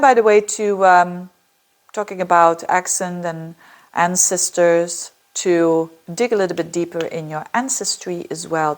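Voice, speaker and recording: A woman from Belgium with a somewhat low voice gives a casual monthly horoscope talk as an astrologer. She talks in a chatty, digressive way, with lively ups and downs.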